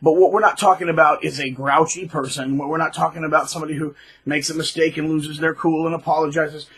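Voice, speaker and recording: A man's voice: a little high, steady tone, fast talker, fairly bright tone, husky, poor audio. A man hosting his own channel, delivering a rambling, sarcastic monologue. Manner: rambling, sarcastic, with many fillers and restarts. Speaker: channel host. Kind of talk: ranting monologue commentary.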